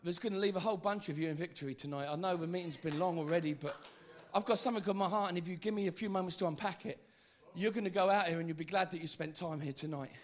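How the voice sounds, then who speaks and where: A man preaching an animated, comic evangelistic sermon at a church meeting, acting out the stories he tells. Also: high-pitched, fast talker, few pauses. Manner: animated, comic storytelling with acted-out voices.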